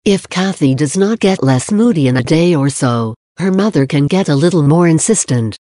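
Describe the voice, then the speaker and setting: A voice speaking as a friendly chipmunk narrator, giving calm, measured scripted narration. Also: medium pitch, dry recording, clean studio sound. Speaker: narrator of a parenting advice podcast.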